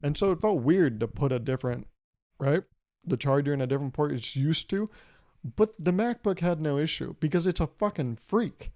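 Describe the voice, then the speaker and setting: Profane, rambling young podcast host. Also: male voice, on the high side, animated, moderate pace, darkish tone, no room sound, studio quality. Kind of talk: casual solo podcast monologue.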